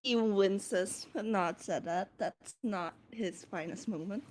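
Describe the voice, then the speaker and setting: A woman playing a tabletop game, quickly describing her character's actions. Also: medium pitch, darkish tone. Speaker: player. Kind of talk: casual tabletop play.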